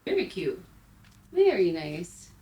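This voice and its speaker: A woman's voice: lowish voice, slow pace, muffled recording, soft background music. Bubbly woman gaming vlogger. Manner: bubbly and excitable, squeals and laughs when startled. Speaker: VR gaming YouTuber. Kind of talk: casual gameplay commentary.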